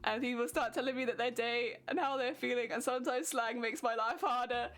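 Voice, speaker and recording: A woman's voice: a little high, steady tone, brisk, a bit bright. A young British woman streamer chatting casually and giggling as she answers her viewers. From Britain. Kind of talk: casual chat with live chat.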